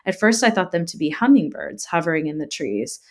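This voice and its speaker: Woman, lowish voice, first-person horror reading, dramatic emphasis, casual stumbles. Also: very animated, a little fast, a little mellow. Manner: dramatic emphasis, laughs off her own stumbles. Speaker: narrator.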